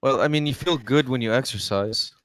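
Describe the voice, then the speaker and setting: A man's voice: mid-range voice, brisk, fairly bright tone, no room sound, studio quality. A man playing a tabletop game over a call, tired and drunk, rambling and joking with the table. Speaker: player. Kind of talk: casual chat at a game table.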